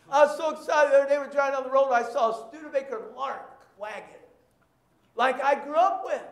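High-voiced preacher in an echoey church. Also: male voice. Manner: animated storytelling with shouted bursts. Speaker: pastor. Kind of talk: sermon.

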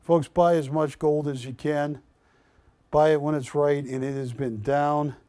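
Slow-talking folksy TV sales host, man. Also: fairly high pitch, fairly even intonation, dark tone, no echo. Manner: folksy, joking, pushy salesman. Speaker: shopping channel host. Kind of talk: live TV sales pitch.

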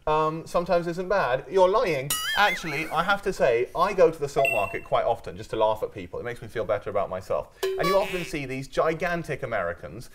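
A man's voice: on the high side, lively intonation, fairly quick, hardly any pauses, over music. A man hosting a comedic news panel show, bantering with guests in a teasing, sarcastic way. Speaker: host.

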